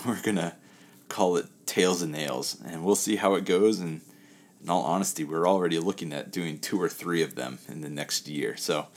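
In a relaxed, chatty tone, a man with a deep voice hosts a casual talk and recounts a spoken parable, letting his lines fade out softly.

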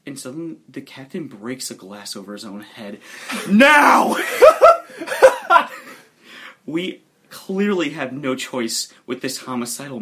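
A man narrating a tabletop role-play story, playful and animated, often laughing. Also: mid-range voice, slightly rough. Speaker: game master narrating a story.

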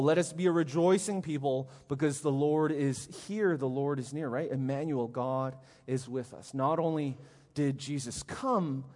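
A middle-aged man preaching a conversational sermon as pastor, telling stories in an animated way and often asking "right?". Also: on the high side, big-room sound. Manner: animated storytelling, frequent "right?". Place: church hall.

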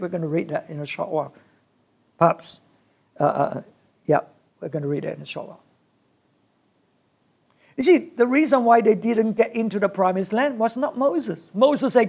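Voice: mid-range voice, lively intonation, normal speed, gravelly, pauses often, darkish tone. A preacher delivering a sermon in short, emphatic bursts, often repeating key phrases.

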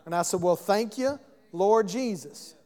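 A man's voice: sits high, unhurried, mellow. A man preaching as pastor, telling a story in a conversational way and putting questions to the congregation. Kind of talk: sermon. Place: church sanctuary. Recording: long church hall reverb.

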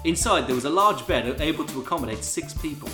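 Animated man reading aloud with a laugh. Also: a little high, fast, echoey room, soft background music. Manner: laughs often, jokey asides. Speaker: co-host reading a fan fiction aloud. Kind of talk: comedic dramatic reading with banter.

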